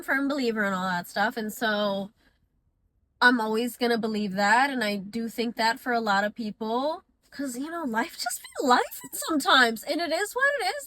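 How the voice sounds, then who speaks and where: A young woman with a high, bright voice talks straight to her camera in a candid confessional vlog. She is chatty and openly emotional, close to tears one moment and laughing the next. The recording is close and dry, with no room sound. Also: no room sound. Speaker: mom vlogger.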